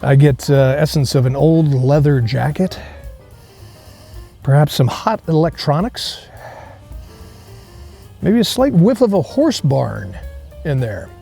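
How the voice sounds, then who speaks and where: A man's voice: on the high side, lively intonation, slow pace, creaky, long pauses, dark tone, breathy edge, faint music behind. A man hosting a casual beer review outdoors, rambling through jokey tasting notes with many fillers. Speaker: beer reviewer, show host. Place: outdoor beer garden on a cold day.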